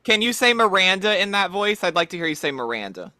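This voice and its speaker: A man's voice: sits high, big pitch swings, fast talker, bright, forceful tone. A man hosting a casual podcast, upbeat and bubbly, laughing often with his guest. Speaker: podcast host.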